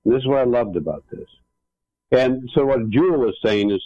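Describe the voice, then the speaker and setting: A man's voice: medium pitch, lively intonation, brisk, dark tone, no room sound. A man who is a guest author and speaker, telling a story in an emphatic way during a casual interview. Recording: tinny phone line.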